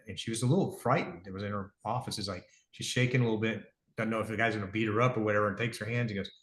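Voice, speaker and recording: A man's voice: on the low side, fairly even intonation, rapid-fire, hardly any pauses. A middle-aged man talking casually as an interview guest, rambling, correcting himself as he goes, earnest about his business. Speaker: guest, device company founder. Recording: roomy echo.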